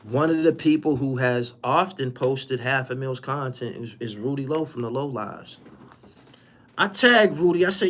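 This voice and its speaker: A man's voice: lively intonation, moderate pace. Profane, fiery New man ranting. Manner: profane, mocking and confrontational, repeats lines for emphasis; swings from loud high outbursts to low muttered asides. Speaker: podcast host. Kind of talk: heated rant.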